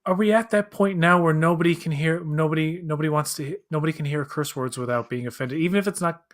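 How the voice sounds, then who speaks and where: A man's voice: on the high side, fast talker. A man co-hosting a watch-along, chatting casually in long rambling turns full of restarts and acted-out quotes. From Canada. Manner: rambling, many restarts and fillers, acts out quoted voices. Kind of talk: casual chat.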